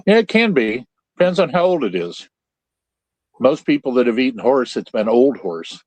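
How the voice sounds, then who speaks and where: A man's voice: mid-range voice, big pitch swings, normal speed, a little mellow, husky, dry recording. An older man from central Illinois hosting a podcast over a video call, telling rambling folksy stories full of restarts. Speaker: podcast host. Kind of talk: casual chat. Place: home trailer. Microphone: Starlink video call.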